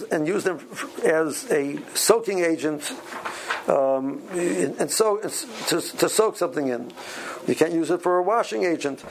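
A man teaching a Talmud class, speaking haltingly with many repeated words and ums. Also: high-pitched, vocal fry, slight background noise, rough recording. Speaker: Torah teacher.

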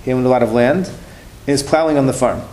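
A man's voice: mid-range voice, quick pace, dark tone. A man telling religious stories in a class, in a conversational way that repeats and restarts phrases. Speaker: religious teacher. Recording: roomy room with faint noise.

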